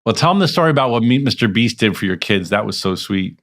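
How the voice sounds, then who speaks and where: A man co-hosting a podcast in relaxed casual chat, prompting his co-host and adding his own remarks. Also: on the low side, fast talker.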